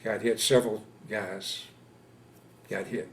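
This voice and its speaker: A man in his seventies from Louisiana, recounting his war experiences in an oral history interview, speaking haltingly with many pauses and fillers. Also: fairly low pitch, little pitch movement, vocal fry, a little hiss or hum. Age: 70s. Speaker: veteran interviewee. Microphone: interview camera setup.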